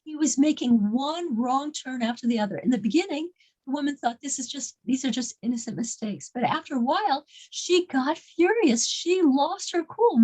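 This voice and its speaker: Woman storyteller, high-pitched voice, halting delivery, lots of repeated words, casual small-group class. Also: expressive, darkish tone, rough recording. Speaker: class leader telling a story.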